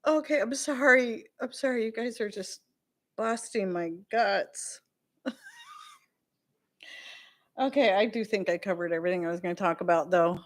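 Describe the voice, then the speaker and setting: A chatty woman hosting a casual livestream from her home kitchen. She talks to her viewers in a loose, rambling way, laughing often and wandering into asides, her voice at an ordinary middle pitch. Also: moderate pace, pauses often. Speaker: livestream host.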